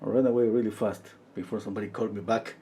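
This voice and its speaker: A man in his fifties, a portrait painter chatting casually on a livestream and telling rambling, animated stories. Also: on the low side, rapid-fire, a little hiss or hum. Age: 50s. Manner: rambling, animated storytelling full of "you know".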